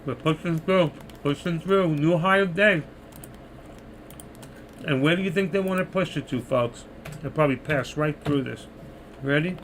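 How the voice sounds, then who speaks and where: A man's voice: on the high side, moderate pace, pauses often, fairly bright tone, slight background noise. An older man with a New York accent, chatting through stock trades on a live stream and reading viewers' messages, losing his voice. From New York City. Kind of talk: live market commentary.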